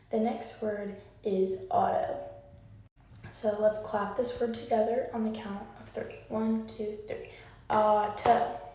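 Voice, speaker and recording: A woman teaching a phonics lesson in a soft, mellow voice. She patiently quizzes the listener and leads clap-along drills. Her voice rings around a very echoey room, picked up from well away from the mic. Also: medium pitch, distant mic.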